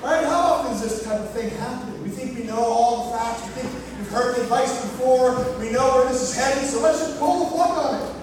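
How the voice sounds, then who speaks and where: Man, motivational speaker, keynote for students; very high voice, booming echo of a big hall, mic far off. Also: brisk, hardly any pauses, noisy background. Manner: animated storytelling, acts out quoted voices. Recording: echoey hall recording from far off.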